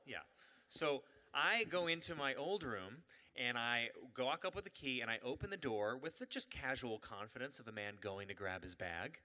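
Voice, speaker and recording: Animated, bright-voiced male comedian. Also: medium pitch, brisk, big-room sound. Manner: animated, self-mocking, laughing. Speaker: comedian and event host. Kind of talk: live stand-up storytelling.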